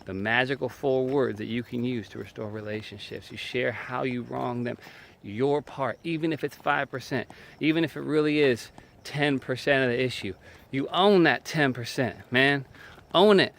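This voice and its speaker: Speaking at normal speed in a creaky mid-range voice, this relationships video speaker talks earnestly from his own experience and faith. He's emphatic, repeats short phrases, and uses "man" again and again.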